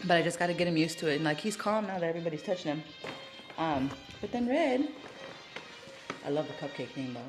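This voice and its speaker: A woman's voice: deep voice, lively intonation, fast, pauses often, over music. A woman vlogger chatting casually at home, rambling with lots of fillers. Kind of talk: casual vlog chat.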